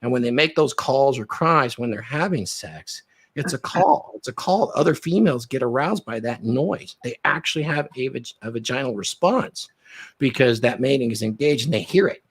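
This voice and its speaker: Husky guy coaching on dating, animated, acts out scenes while he talks. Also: medium pitch, normal speed. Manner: animated, acts out quoted lines. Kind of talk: podcast chat.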